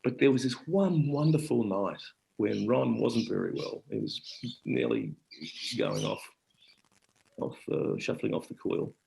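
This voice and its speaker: A middle-aged Australian man, a guest actor and storyteller, tells stories in a casual, rambling, warm-hearted way, often breaking off mid-sentence. His medium-pitched voice is gravelly and a little slow. The poor-quality audio carries slight background noise.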